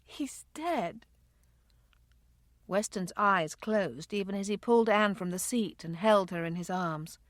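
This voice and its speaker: A woman narrating a romance audiobook in a measured, unhurried way. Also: medium pitch, no room sound, clean studio sound. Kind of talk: scripted narration.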